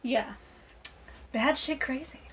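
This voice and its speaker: A woman's voice: high-pitched, slow, fairly bright tone, a little hiss or hum, low-quality recording. A young woman co-hosting a podcast, telling a story casually with sarcasm, laughs and silly voices. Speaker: podcast co-host.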